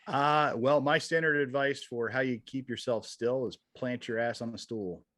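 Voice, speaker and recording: A man's voice: medium pitch, steady tone, normal speed, fairly bright tone, no echo, studio quality. A man voice coach giving frank, emphatic advice about posture and breath. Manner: frank, emphatic, agrees often. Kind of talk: casual coaching chat.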